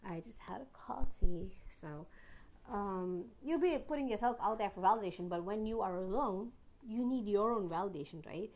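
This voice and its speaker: Young woman, personal vlog, earnest, rambling, restarts, sudden loud bursts. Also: medium pitch, animated, normal speed. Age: young adult. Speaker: vlogger. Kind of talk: personal reflective monologue.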